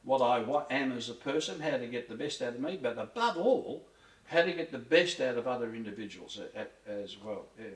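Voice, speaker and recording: Picked up from a distance in a roomy space, an older man from Australia rambles through stories as an interview guest, earthy and prone to restarts and light cursing. He talks briskly in a mid-range voice with lively intonation during this laid-back reminiscing chat.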